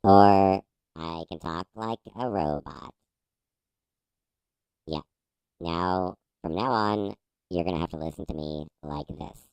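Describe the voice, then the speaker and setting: A man speaking through a robot voice effect on an audio interface, testing it slowly and playfully. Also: low voice, darkish tone, clean tone, no room sound. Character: flat robotic male machine voice. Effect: robot voice filter.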